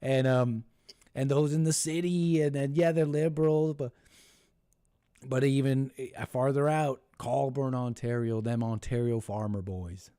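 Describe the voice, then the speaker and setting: A man's voice: medium pitch, fairly even intonation, dark tone, no room sound, clean studio sound. A man hosting a live call-in show, talking in a rambling, mocking monologue full of restarts and put-on voices for the people he quotes. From United States. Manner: mocking, puts on voices when quoting others; halting, with many restarts and laughs.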